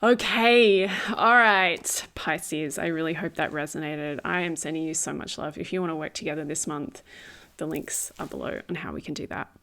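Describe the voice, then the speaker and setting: A woman's voice: low voice, normal speed. Chatty woman giving a tarot reading. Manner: chatty, warm-hearted, laughs often, many fillers; repeats phrases for emphasis. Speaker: tarot reader. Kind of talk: casual spiritual tarot reading.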